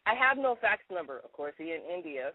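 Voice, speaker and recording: A woman's voice: fairly low pitch, sing-song, brisk, no echo. A woman co-hosting a radio show, telling stories in a chatty way and laughing often in casual comedic chat. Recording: dry, phone-like narrow sound.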